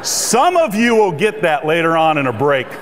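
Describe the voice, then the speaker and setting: A middle-aged male keynote speaker tells jokes and anecdotes on stage. His voice is a little high and very lively, rising and falling as he works the crowd. The conference hall adds a long, ringing echo. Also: moderate pace, background noise. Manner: storytelling, joking. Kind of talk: humorous motivational speech. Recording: reverberant hall.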